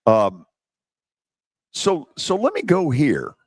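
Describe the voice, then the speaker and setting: A man's voice: fairly high pitch, huge pitch swings, slow pace, breathy edge, no echo, studio quality. A man hosting a sports talk radio show, conversational as he chats with his guest. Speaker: radio host.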